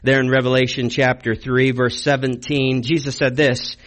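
A man's voice: mid-range voice, level tone, normal speed, hardly any pauses, fairly bright tone. A man preaching a sermon as a pastor, conversational and wry, leaning on rhetorical questions and dry humor.

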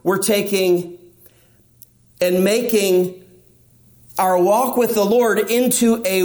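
A man with a high voice preaches a sermon. He leans on rhetorical questions and speaks with emphasis. At times he acts out the anxious or boastful inner voice of a believer. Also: a little mellow. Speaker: pastor.

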